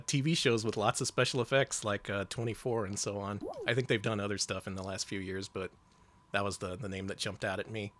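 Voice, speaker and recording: A man's voice: mid-range voice, a little hiss or hum. A man co-hosting a casual gameplay chat, joking, laughing often and swearing freely. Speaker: co-host playing a game.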